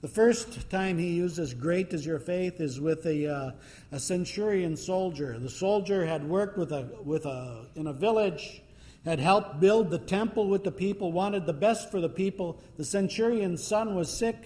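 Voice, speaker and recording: Guy preaching, chatty storytelling w/ lots of ums, bit high voice, echoey church hall. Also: measured pace, a little mellow. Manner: conversational storytelling with fillers. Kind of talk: sermon.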